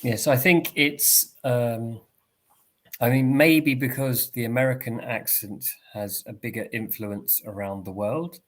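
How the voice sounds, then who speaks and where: An Englishman tutoring online, explaining patiently and clearly over a video call. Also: medium pitch, fairly even intonation, measured pace. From England.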